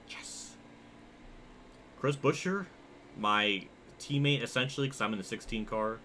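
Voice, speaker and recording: A young man streaming a racing game, chatting casually and reacting excitedly while reading his chat. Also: lowish voice, a little slow, creaky, long pauses, a little hiss or hum. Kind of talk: live gameplay commentary.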